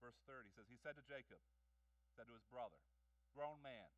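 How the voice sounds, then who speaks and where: A male pastor preaching in a church, telling stories in an animated way with jokes and acted-out voices. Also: mid-range voice, fairly quick, pauses often, no room sound, far from the mic, poor audio. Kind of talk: sermon. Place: church hall.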